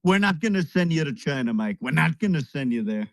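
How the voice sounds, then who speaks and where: Brief: a man putting on a boastful politician, swaggering and repetitive, voice pitched a bit high. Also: very animated, brisk. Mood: bossy. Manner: swaggering, repetitive, superlative-heavy. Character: brash older male politician impression, boastful. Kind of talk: impression in a live audio chat.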